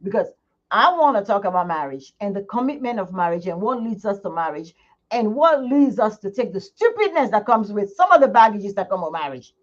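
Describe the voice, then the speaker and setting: A middle-aged woman who runs a skincare channel vents openly to viewers during a casual livestream from home. Her mid-range voice is very animated and a little fast, and the sound is muffled and lo-fi.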